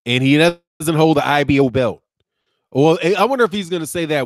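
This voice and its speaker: A man's voice: on the high side, a little fast, no room sound, studio quality. Laughing Midwest man riffing on boxing. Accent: Midwest American. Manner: animated, laughing, mocking, drops slang like "man" and "dog". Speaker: boxing channel host. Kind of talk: live-stream commentary reading chat.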